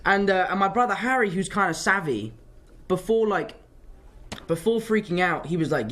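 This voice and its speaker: A young English man in his twenties, an actor chatting in an interview and telling anecdotes with lively acted-out quotes. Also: high voice, moderate pace. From England. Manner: animated anecdotes, acts out quoted voices. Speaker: actor guest. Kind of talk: casual interview chat.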